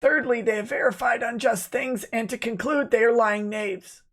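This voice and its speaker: A man's voice: very high-pitched, steady tone, moderate pace, fairly bright tone, voice pushed up, heavily acted. A man putting on a mocking voice of a pompous, self-important male lawyer, with an overblown, declaiming delivery.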